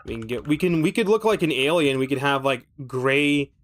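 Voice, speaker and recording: A male streamer talking through a game in casual commentary, full of loose, profane rambling. His pitch sits in an ordinary middle range, and he tosses off dry jokes at his own expense as he goes. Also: lively intonation, normal speed, a bit bright. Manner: rambling, profane, thinking aloud; wry, self-mocking asides.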